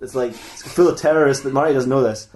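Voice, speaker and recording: A man's voice: medium pitch, fast talker, a little mellow. A man improvising a comic story, rambling and correcting himself as he goes, in an echoey room. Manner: rambling, self-correcting, laughing at own jokes. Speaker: podcast host.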